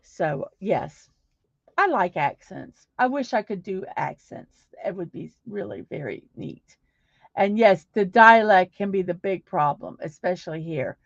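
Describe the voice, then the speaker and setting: A woman's voice: mid-range voice, animated, a little slow, gravelly, no echo, highs cut off. Rambling middle-aged woman livestreaming. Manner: rambling, many fillers and restarts. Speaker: livestream host. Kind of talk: casual chat reading viewer comments.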